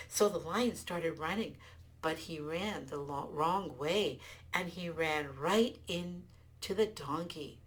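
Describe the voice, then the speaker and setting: A woman telling a folktale aloud, expressive with small restarts. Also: sits low, slow pace. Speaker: storyteller. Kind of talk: folktale storytelling.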